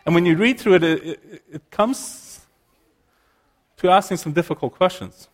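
Earnest preacher, a man with a higher voice. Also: normal speed, faint music behind. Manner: earnest, explanatory, often restarting phrases. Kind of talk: sermon.

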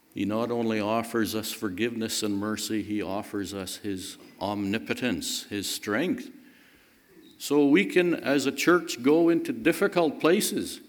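A man preaching a sermon, emphatic and repeating key phrases for stress. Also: mid-range voice.

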